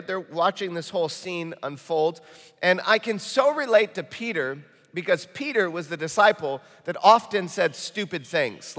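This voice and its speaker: A male pastor from Michigan with a Midwestern accent, preaching a lively, joking sermon in a church. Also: on the high side. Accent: Midwestern American. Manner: animated, jokey storytelling preacher. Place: church auditorium. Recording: reverberant church hall.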